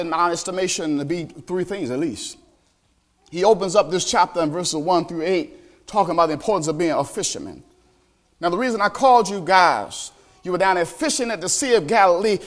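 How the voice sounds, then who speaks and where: A male pastor preaching a sermon, animated, asking the congregation questions directly. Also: sits high.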